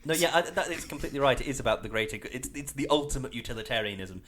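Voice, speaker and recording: A man talks casually as a podcast co-host. His voice sits at an ordinary pitch but rises and falls a lot, and he drifts into laughing asides. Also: expressive, very fast, a bit bright. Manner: chatty, laughs and trails off into asides. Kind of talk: casual chat.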